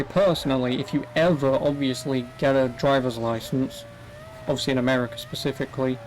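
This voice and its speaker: A man's voice: medium pitch, darkish tone, slight background noise. Chatty young man, rambling. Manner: rambling, chatty, swears casually. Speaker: streamer. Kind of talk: casual gameplay commentary.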